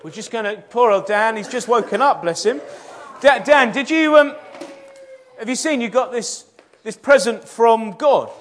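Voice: mid-range voice, animated, normal speed, slight background noise. A children's church leader talking playfully and coaxingly with a group of children in a church.

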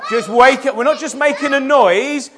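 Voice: sits high, moderate pace, slight background noise. A children's church leader talking playfully and coaxingly with a group of children in a church.

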